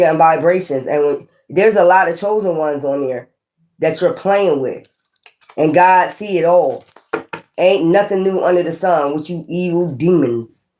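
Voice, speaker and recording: A woman's voice: lowish voice, a little mellow, slight background noise. A woman giving a casual tarot reading in a blunt, profane, scolding way, full of rambling sassy asides. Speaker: tarot reader.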